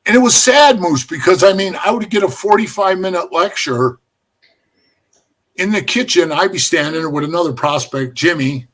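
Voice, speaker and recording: Middle-aged male guest, a high-pitched, animated storyteller who swears freely. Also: normal speed. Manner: animated, profane, addresses the host as bro. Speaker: podcast guest. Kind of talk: storytelling in casual conversation.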